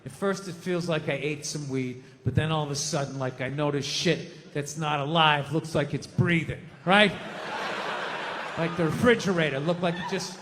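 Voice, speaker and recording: A man in his fifties tells a loose, profane story on a comedy stage, rambling through filler words. His voice sits high and sharp. A long reverb from a big venue trails behind him. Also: normal speed. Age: 50s. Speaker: stand-up comedian. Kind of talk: stand-up storytelling.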